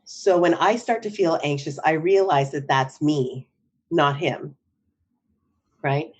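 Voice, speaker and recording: A woman's voice: low voice, slow, breathy edge. A middle-aged woman, a psychotherapist, talking in a podcast interview in a reflective way, often checking in with "right?". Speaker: psychotherapist guest.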